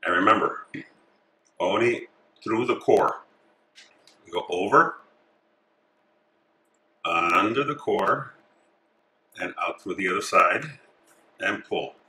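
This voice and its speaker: A man calmly talking through each step of a craft tutorial as he works with his hands. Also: sits low, slow pace, pauses often. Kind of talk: step-by-step instruction. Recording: echoey room.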